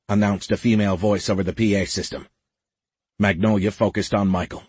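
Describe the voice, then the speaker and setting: A man narrating a science fiction audiobook in a steady, measured way. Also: lowish voice, slightly rough, no echo. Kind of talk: scripted narration.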